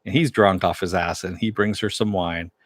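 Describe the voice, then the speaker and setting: A man's voice: sits low, steady tone, moderate pace. A man giving a casual, chatty recap of a TV episode, retelling scenes with loose asides and the odd swear word. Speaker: TV show reviewer.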